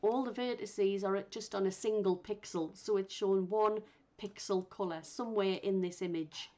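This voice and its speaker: A woman instructor guiding learners step by step through a software tutorial, thinking aloud as she works. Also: medium pitch, fairly even intonation, moderate pace. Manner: patient, thinks aloud while working. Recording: muffled lo-fi recording.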